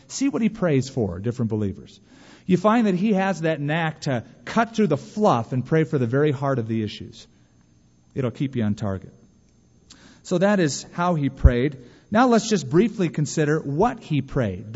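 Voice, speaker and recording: A man preaching a sermon as a pastor, animated, moving between hushed and emphatic delivery. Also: fairly high pitch. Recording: dull sound with long hall reverb.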